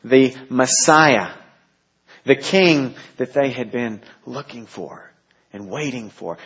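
A man preaching a sermon in a husky, somewhat breathy voice. He moves between quiet prayer and forceful scripture reading. The recording sounds dull and lo-fi. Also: medium pitch. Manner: prays softly, then reads scripture with rising intensity. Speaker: pastor.

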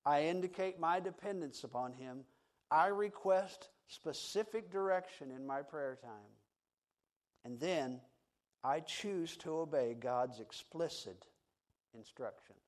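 A man preaching a sermon, swinging from loud emphatic passages to hushed, quiet tones. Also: on the high side, expressive. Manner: slow, deliberate delivery. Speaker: pastor.

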